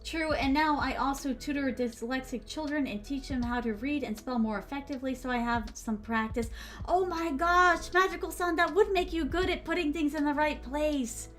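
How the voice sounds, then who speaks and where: A woman's voice: sits high, moderate pace, a bit bright, soft background music. A young woman chatting casually with viewers as she writes live, reading her drafts aloud and giggling. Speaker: streamer writing live. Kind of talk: casual chat while writing.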